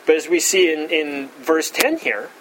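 A pastor giving an expository Bible teaching, repeating words and saying "all right" often, rising in pitch to stress key points. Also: male voice, normal speed, fairly bright tone, a little hiss or hum, rough recording. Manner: rises in pitch for emphasis.

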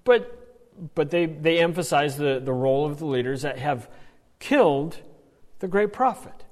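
Guy teaching a bible study, kinda high voice, keeps going "right?", long hall echo. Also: a little slow. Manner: animated, keeps checking in with "right?".

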